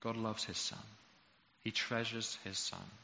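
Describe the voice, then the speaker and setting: A man's voice: fairly low pitch, flat delivery, measured pace, gravelly, pushed and bright, slight background noise. A man preaching a sermon, emphatic and rhetorical, building to passionate peaks. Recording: dull echoey hall recording.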